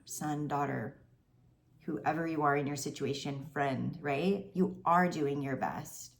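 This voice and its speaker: A woman in her thirties gives a heartfelt spiritual talk in a low-pitched voice. She is tearful and close to crying, yet stays gentle and reassuring, circling back to the same kind phrases. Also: slight background noise. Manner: gentle, reassuring, repeats herself. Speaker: tarot reader.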